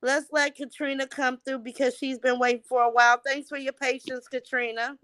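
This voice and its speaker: A woman's voice: high-pitched, little pitch movement, brisk, pushed and bright, clear, resonant tone. A woman hosting a casual live stream, chatting easily with callers and backing them up. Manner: easygoing, affirming callers with slang.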